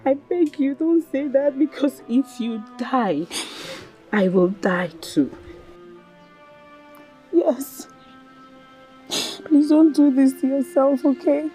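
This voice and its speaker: Sahabat lembut yang menghibur. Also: female voice, high voice, lively intonation, slow pace, long pauses, soft background music, exaggerated voice. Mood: tender. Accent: Nigerian. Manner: soft, pleading, soothing. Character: gentle caring young woman comforting a friend.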